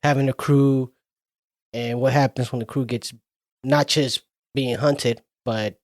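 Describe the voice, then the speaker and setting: Chill guy rambling about a movie, mid pitch, dry close mic. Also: unhurried, dry recording. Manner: relaxed, profane, rambling. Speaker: podcast co-host. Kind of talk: casual movie chat.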